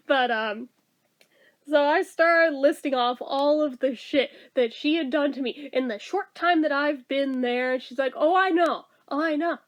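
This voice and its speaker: A young woman vlogging a story in casual chat, excited and swearing freely as she quotes herself and her coworker. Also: high-pitched, moderate pace.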